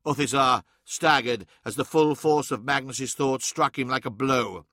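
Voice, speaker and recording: Man, audiobook narrator, dramatic scripted reading, bright forceful tone, dry close recording. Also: medium pitch, measured pace, no echo. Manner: dramatic, swelling and dropping in intensity.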